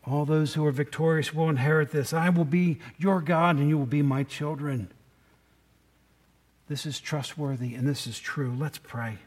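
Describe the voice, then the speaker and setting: Conversational male pastor, slightly high voice. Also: steady tone, normal speed, darkish tone. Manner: conversational, asks the congregation questions. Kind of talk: sermon.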